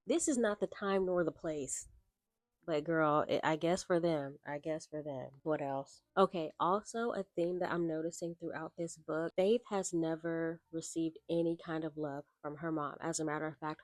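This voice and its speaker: A woman's voice: deep voice, a little mellow, no echo. A woman reviewing books in a casual vlog, reacting with incredulous, exasperated commentary and calling her viewers y'all. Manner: addresses viewers as y'all, baby, child. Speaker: book vlogger.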